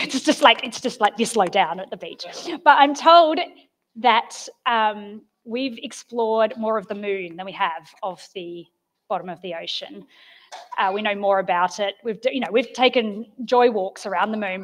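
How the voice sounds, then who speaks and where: A woman giving an informal, chatty sermon, telling stories with gentle humour. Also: medium pitch. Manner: chatty and storytelling, with soft self-deprecating humour. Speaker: preacher.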